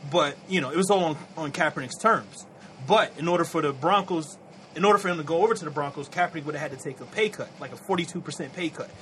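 A man co-hosting a podcast, talking in a casual, animated way and swearing freely. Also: fairly high pitch, fast, a little hiss or hum, rough recording. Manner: animated, profane, repeats "you know what I'm saying". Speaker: podcast co-host. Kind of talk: casual chat.

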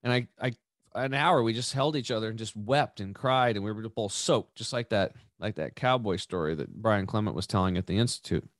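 A man's voice: lowish voice, brisk, dry recording, clean studio sound. A man hosting a podcast, telling a personal story casually, with frequent restarts and asides like "right" and "dude". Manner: rambling, animated, repeats and restarts, says "dude" and "right". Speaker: podcast host.

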